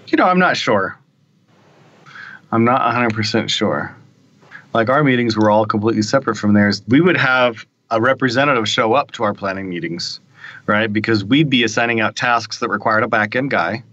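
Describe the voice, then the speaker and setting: A man with a fairly low voice rambles through work stories on a podcast, often asking for a quick nod of agreement. His mic sounds dull and lo-fi. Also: fairly bright tone, no room sound. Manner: chatty, rambling, checks in with "right?". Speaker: podcast panelist. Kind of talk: casual technical discussion.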